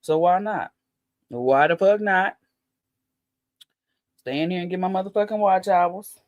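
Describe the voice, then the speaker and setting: A man's voice: high voice, measured pace, no room sound, highs cut off. A man hosting a livestream, chatting loosely and profanely straight to his viewers. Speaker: livestream host. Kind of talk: casual livestream chat.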